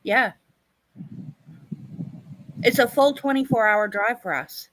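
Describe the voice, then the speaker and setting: A woman with a Canadian accent, co-hosting a live stream and telling a rambling story, often pausing on "what do you call it". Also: fairly high pitch, a bit bright, poor audio. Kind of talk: casual storytelling chat.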